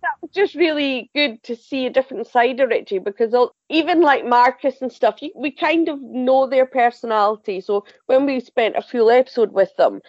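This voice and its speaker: A woman's voice: high voice, normal speed, no room sound, lo-fi sound. A woman contributing to a podcast chat, talking enthusiastically about TV shows. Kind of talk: casual chat.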